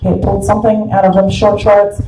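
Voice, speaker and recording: A woman's voice: medium pitch, flat delivery, fast, mellow, faint music behind. A woman stand-up comedian telling a crude, rambling story live on stage in a club. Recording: echoey club from far off.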